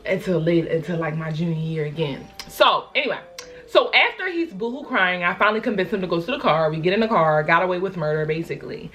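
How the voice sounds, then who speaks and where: A young woman from Baltimore, a vlogger telling a story in a lively, slangy and dramatic way. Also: on the low side, a little fast. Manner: animated, slangy, dramatic retelling. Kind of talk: casual storytime.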